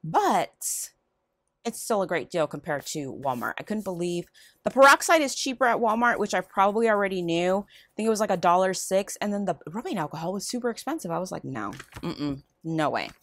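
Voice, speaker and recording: Haul vlogger, woman, rambling casual delivery, very lively pitch, dry close sound. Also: a little fast, no echo. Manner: rambling, chatty, lively ups and downs. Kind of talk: casual chatty haul video. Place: home room.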